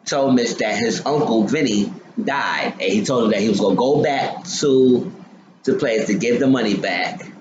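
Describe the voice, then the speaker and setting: A man's voice: lowish voice, reverberant, lo-fi sound, background noise. A man casually recapping a TV episode, rambling with many ums and restarts.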